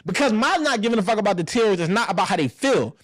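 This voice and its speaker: A podcast host in his thirties leads a casual discussion, animated and blunt, swearing freely while acting out family members' voices. His voice sits high and moves fast.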